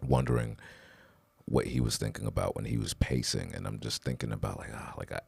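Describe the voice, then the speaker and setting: A man in his thirties co-hosting a podcast, telling candid stories in casual, animated conversation. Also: a bass voice, brisk, vocal fry, breathy edge, no echo. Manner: animated storyteller, swears casually. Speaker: podcast co-host.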